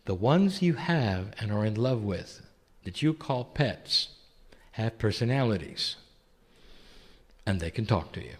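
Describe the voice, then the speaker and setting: A man giving a channeled spiritual talk, posing gentle rhetorical questions and calling the listener "dear one". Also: lowish voice, big pitch swings, a little slow, long pauses, big-room sound.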